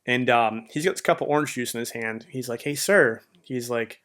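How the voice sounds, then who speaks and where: A man's voice: medium pitch, fairly even intonation, brisk, a bit bright. A man hosting a podcast, telling his personal faith testimony in a rambling, heartfelt way full of "man" and "you know". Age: adult with a marriage behind him. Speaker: podcast host.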